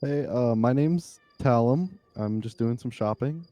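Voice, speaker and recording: A man's voice: mid-range voice, unhurried, dark tone, dry recording. A man speaking as his character in a tabletop game, casual and a little hesitant. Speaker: player.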